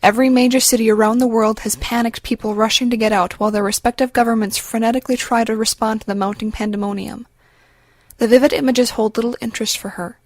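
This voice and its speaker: A woman narrates a dark thriller audiobook in a measured, steady way, her voice a little high. The recording is dry and close, with no room around it. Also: dry recording. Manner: measured, even storytelling.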